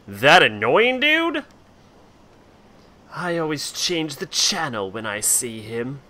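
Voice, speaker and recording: A snarky valley girl teen, as a male streamer puts her on, high and slow with a scornful drawl. The voice sounds bright and forceful, and game music plays softly behind it. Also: full character voice.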